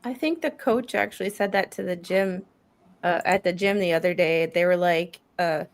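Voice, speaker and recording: A woman's voice: on the low side, normal speed. A woman hosting a livestream panel over a video call, chatting casually and mocking herself with the odd swear. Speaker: host.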